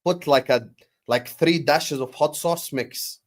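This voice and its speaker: A man hosting a football watchalong stream, bantering with chat and breaking into loud bursts when the match heats up. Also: a little high, slow, no echo, studio quality. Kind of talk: casual live-stream chat with match commentary.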